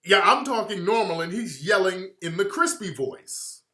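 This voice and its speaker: Brief: male radio host, sharp and bright tone, with animated storytelling and a lively pitch. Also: normal speed. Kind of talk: casual storytelling talk show. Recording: roomy echo.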